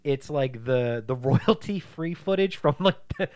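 A man's voice: mid-range voice, animated, unhurried, a little mellow, no echo. A man co-hosting a casual podcast movie review, talking animatedly, swearing and acting out lines from the film. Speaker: podcast co-host.

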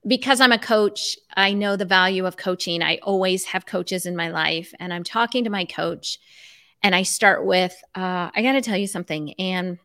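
A woman's voice: on the low side, moderate pace. A middle-aged woman, a life coach, telling a personal story in conversation and acting out remembered dialogue. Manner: animated, acts out remembered dialogue.

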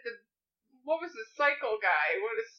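A woman's voice: on the high side, sing-song, normal speed, lo-fi sound. A woman chatting about a movie with her husband, ranting and laughing in exasperation. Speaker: movie reviewer, co-host with husband. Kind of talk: casual movie review chat.

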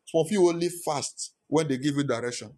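A man preaches with fervor, firing off emphatic rhetorical questions at his congregation. His voice sits a touch high for a man and carries a husky, breathy grain. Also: fairly quick, a little mellow. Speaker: pastor. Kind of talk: sermon.

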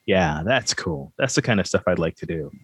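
A man's voice: deep voice, lively intonation, moderate pace, slightly rough, dry recording. A man hosting a podcast, chatting casually in a rambling, self-deprecating, joking way. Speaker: podcast host.

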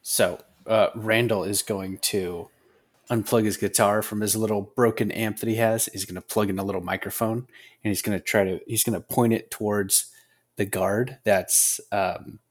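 Low-voiced man player at a tabletop game. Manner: relaxed, halting with fillers. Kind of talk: casual tabletop game play.

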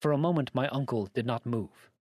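A man reads a classic story aloud in a measured, even manner. His pitch sits in the middle range. The recording is close and dry, with no room sound. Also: no echo. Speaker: narrator. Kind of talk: scripted narration of a story.

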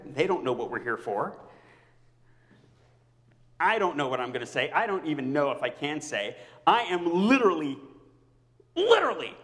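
A man preaching a personal sermon to his congregation as their pastor, swinging between loud outbursts and near-whispers. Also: a little high, in a large hall.

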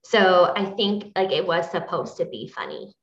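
A woman's voice: fairly low pitch, sing-song, normal speed, a bit bright, echoey room, muffled recording. A woman co-hosting a casual book podcast, easygoing and agreeable as she talks. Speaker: podcast co-host. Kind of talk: casual book-club chat.

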